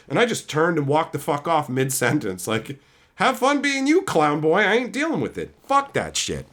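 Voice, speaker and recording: A man's voice: on the high side, very animated, normal speed, a bit bright. A young man streaming live, ranting to his chat in a profane, scornful way, often mocking others in put-on voices.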